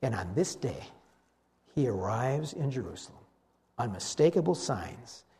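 A man preaching a sermon, telling Bible stories with animated delivery and acting out the voices of the people in them. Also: medium pitch, a little slow. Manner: animated storytelling, acts out voices of biblical figures.

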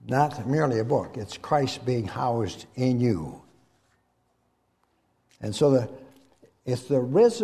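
A man delivering a sermon in a voice pitched slightly above the usual. His delivery rides a very lively melody, rising to loud emphatic peaks and sinking to near-whispered lows. He often pauses to let the congregation supply the next word. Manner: dynamic preaching, swinging from loud high emphasis to hushed low tones; asks the congregation to fill in words. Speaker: preacher.

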